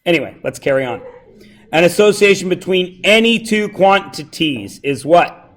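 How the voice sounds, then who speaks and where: A man who teaches math, his voice a little high and a bit bright, leads a class through a review in a loose, joking style at a normal speed with lively intonation. He drifts into tangents before returning to the answers, and he keeps checking that everyone is following along in this plain classroom lesson.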